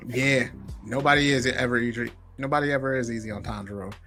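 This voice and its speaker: A man's voice: medium pitch, fast talker, soft background music. A man co-hosting a casual podcast chat, talking loosely and acting out quotes with laughs. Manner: animated, acts out quotes with laughter. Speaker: podcast co-host.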